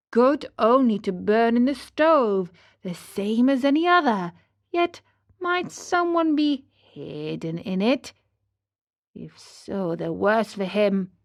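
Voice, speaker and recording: A woman voicing an old male carpenter who mumbles to himself and gets nervous and frightened, in a storybook reading. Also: mid-range voice.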